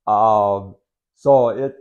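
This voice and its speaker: A middle-aged man from Wisconsin rambling casually to camera, unhurried and full of ums, with sarcastic asides. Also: on the low side, darkish tone, dull audio. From Wisconsin, United States. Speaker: vlogger.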